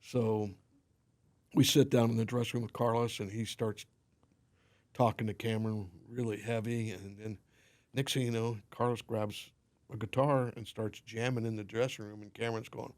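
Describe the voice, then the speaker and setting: A man's voice: fairly low pitch, moderate pace. A man guesting on a podcast, telling stories casually and acting out the quoted dialogue. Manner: animated storyteller, acts out quoted dialogue. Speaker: podcast guest, limo company owner.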